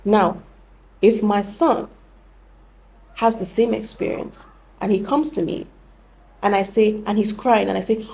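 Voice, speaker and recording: A woman's voice: medium pitch, steady tone, a little slow, gravelly, pauses often, a little mellow. A young woman hosting a podcast, explaining things earnestly and often correcting herself mid-sentence. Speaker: podcast host. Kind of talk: reflective podcast talk.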